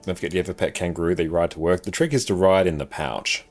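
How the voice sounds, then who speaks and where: A man with a South Australian accent giving casual live commentary while playing a game and reading chat, with relaxed, dry joking asides. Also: sits low, very fast, soft background music.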